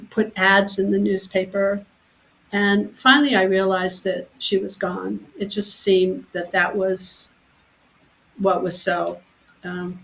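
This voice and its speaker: A woman hosting a talk show, telling a personal story in a heartfelt way and getting animated when she quotes people. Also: mid-range voice, slight background noise, poor audio. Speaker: podcast host.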